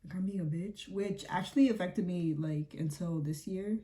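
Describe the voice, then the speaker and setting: A woman's voice: lowish voice, normal speed, dark tone. A young woman telling a story casually as she gets ready, full of "like" and "um" fillers and acted-out quotes. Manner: chatty, fillers like "like" and "um", acts out quotes. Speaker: beauty vlogger.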